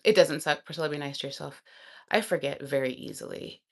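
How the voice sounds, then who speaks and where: A woman vlogger chatting casually and thinking aloud, excitable and quick to laugh. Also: deep voice, husky.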